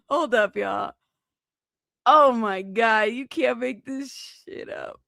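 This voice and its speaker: A woman with a gravelly, fry-laden voice pitched a little high hosts a live stream. She reacts loudly to viewer comments, laughing and swearing along the way. The sound is close and dry. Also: slow pace, dry recording. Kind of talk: casual live commentary reading chat.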